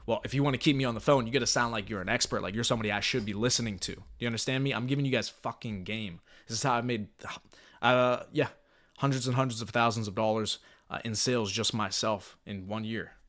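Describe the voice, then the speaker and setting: A man's voice: medium pitch, fast talker, a bit bright. A man coaching phone sales in a live stream, talking in an intense, hyped-up, blunt and profane way. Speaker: sales trainer.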